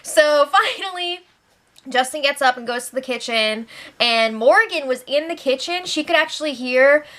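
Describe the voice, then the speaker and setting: A woman with a high, bright voice hosts a casual recap, chatting to the camera. She giggles often and slips into quick impressions of the people she talks about. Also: steady tone. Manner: chatty and giggly, acting out what others said. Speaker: host of a reality show recap channel.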